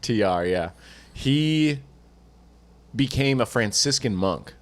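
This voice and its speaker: A man's voice: medium pitch, expressive, takes it slowly. A man co-hosting a podcast, rambling and swearing casually while he tells stories and acts out quotes in other voices. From Northern California. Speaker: podcast co-host. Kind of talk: casual chat, storytelling.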